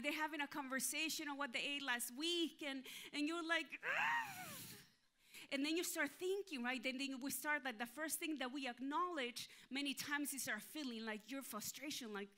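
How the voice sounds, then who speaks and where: A woman's voice: high-pitched, sharp tone. A woman pastor preaching with a story, acting out her inner voices and the people she quotes. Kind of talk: sermon with storytelling.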